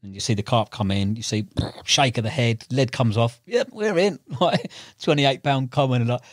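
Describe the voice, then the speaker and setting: A man's voice: mid-range voice, a little fast, no echo, studio quality. A young man, a podcast guest and carp angler, telling fishing stories in casual chat, full of slang and acted-out quotes. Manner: animated, acts out quotes, frequent fillers and slang.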